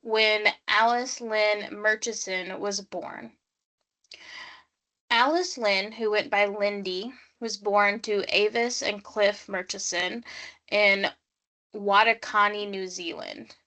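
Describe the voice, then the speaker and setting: A woman's voice: mid-range voice, steady tone, slow pace, bright, forceful tone. A woman hosting a casual true-crime podcast, leading the story and quizzing her co-host.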